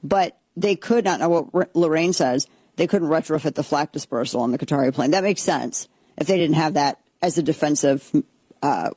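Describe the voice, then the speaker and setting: A woman's voice: deep voice, moderate pace, slightly rough, no echo. Sarcastic woman hosting political commentary, dry sound. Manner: sarcastic, animated, blunt. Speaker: political talk show host. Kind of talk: opinionated commentary.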